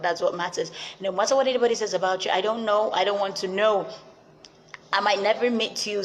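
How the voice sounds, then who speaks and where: A woman's voice: medium pitch, a little hiss or hum. A young adult woman hosting a motivational talk show, speaking earnestly and repeating rhetorical questions to her listeners. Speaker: show host.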